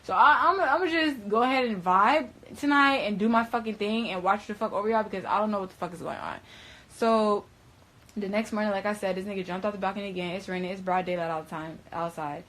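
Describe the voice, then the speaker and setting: A woman's voice: medium pitch, fast talker, fairly bright tone. A young adult woman casually recounting a story in slangy, profane, rambling speech full of fillers.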